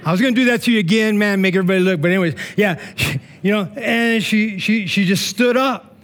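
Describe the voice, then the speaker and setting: A man preaching a sermon as pastor, emphatic and casual, with slang, stories and frequent "right?" and "man", swinging between loud calls and hushed, slow passages. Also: high voice. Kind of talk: sermon with storytelling. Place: church meeting in a school building.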